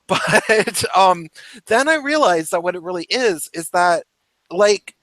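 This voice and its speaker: A man's voice: high-pitched, unhurried, a bit bright, dry recording. A man in casual opinionated chat who talks in a heated rush, swears a lot and restarts his sentences often. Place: home, cat nearby.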